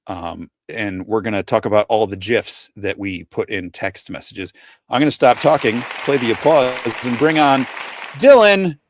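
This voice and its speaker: A man's voice: fairly low pitch, normal speed. A man in his forties hosting a casual livestream chat, rambling and self-deprecating, tripping over names as he reads them out. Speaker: podcast host.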